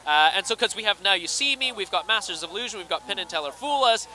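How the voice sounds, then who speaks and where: A man with a Scottish accent, chatting quickly and animatedly in an interview at a red carpet event. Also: sits high. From Scotland. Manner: fast, animated, acts out quoted voices. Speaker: interviewee, actor and magician.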